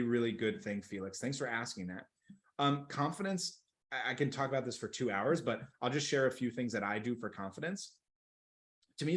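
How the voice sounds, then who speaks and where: A young man coaching sales in a webinar, energetic and emphatic, repeating words for stress. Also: mid-range voice. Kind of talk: webinar teaching. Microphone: video call.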